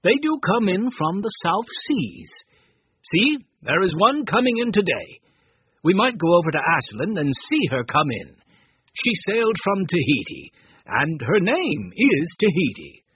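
A gentle old grandfather explains things in a calm, unhurried way, as a man reads him aloud. The voice is husky, with lively pitch, on a dull lo-fi recording. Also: no room sound, heavily acted. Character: kind, knowledgeable old grandfather.

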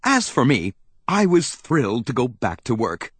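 A man reading a children's audiobook aloud with playful, expressive narration. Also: medium pitch, normal speed, slightly rough, dry recording. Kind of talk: scripted narration.

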